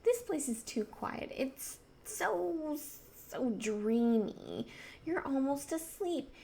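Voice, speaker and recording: A woman's voice: high-pitched, lively intonation, slow pace, vocal fry, darkish tone, a little hiss or hum, full character voice. A woman voicing a dreamy, sensible young girl in a storybook reading.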